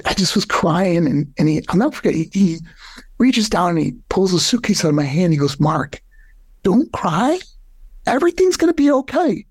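This older man, a podcast guest, speaks fairly quickly in a husky voice, recounting a personal story with earnest feeling. When moved, his voice climbs high, and there's no room sound.

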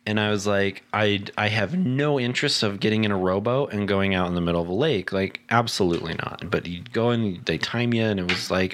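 A man's voice: fairly low pitch, brisk, few pauses. A man, co-hosting a casual chat and telling a childhood story with lots of acted-out quotes. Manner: animated storyteller, acts out quoted voices.

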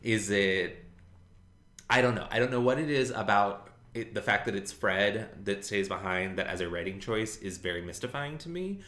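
A man's voice: on the low side, expressive, normal speed, sharp tone, echoey room. A man co-hosting a podcast, chatting casually and animatedly and laughing often. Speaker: podcast co-host. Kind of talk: casual chat.

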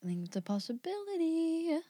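A woman's voice: very high voice, sing-song, brisk, mellow, dry recording, clean studio sound. A woman co-hosting a podcast in casual, chatty conversation. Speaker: podcast co-host. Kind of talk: casual chat.

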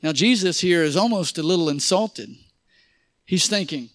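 High-voiced man preaching a sermon. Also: moderate pace, no room sound, clean studio sound. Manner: animated preaching with call-and-response to the congregation. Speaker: pastor. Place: church.

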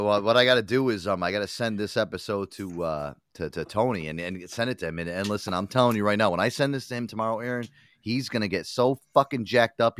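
Excitable, profane male radio host. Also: fairly low pitch, a little hiss or hum. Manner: profane, rambling, excitable promoter talk. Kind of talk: casual radio show banter.

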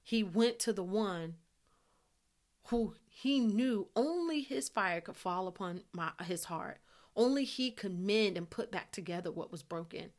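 A woman delivers a devotional podcast teaching with earnest conviction. Her voice sits at an ordinary middle pitch, and she circles back over key phrases to press them home. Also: lively intonation, a little slow. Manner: earnest, repeats phrases for emphasis. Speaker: podcast host.

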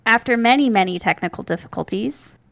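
A woman's voice: a little high, expressive, fairly quick, creaky, a bit bright, dry recording. A woman in her twenties co-hosting a casual podcast from home, teasing and laughing easily, on a mic with a pop filter. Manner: giggly, teasing. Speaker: podcast co-host. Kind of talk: casual chat. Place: home recording setup. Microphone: studio mic with pop filter.

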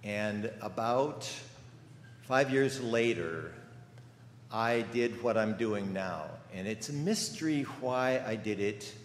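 Older male guest preacher, low voice, chatty storyteller, roomy church sound with faint background hum. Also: animated, slow. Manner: storytelling, conversational with rhetorical questions. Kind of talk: sermon. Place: church sanctuary. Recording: echoey church hall with faint ambience.

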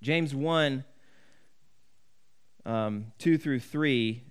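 A man's voice: medium pitch, very slow, clean tone. A man preaching a sermon in an earnest, conversational way, often restarting his sentences. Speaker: pastor.

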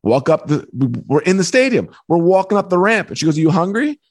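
Animated New man telling a story. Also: high voice, fairly quick. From New York. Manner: lively, acts out voices in anecdotes. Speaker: author guest.

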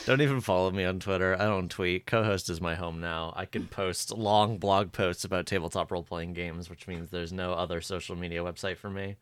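Brief: man podcast co-host, very deep and smooth, dry mic, relaxed and halting. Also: dry recording. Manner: relaxed, a bit halting with restarts. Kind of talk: casual podcast chat.

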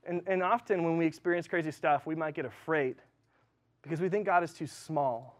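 A man's voice: on the high side, brisk. A male pastor giving a casual, conversational sermon, full of ums and likes. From Southern California. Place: church.

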